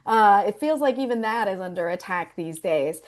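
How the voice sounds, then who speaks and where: A woman who is a state director of a voter group speaks on an activist call in an earnest, measured way. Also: medium pitch, expressive. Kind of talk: prepared speech on a call.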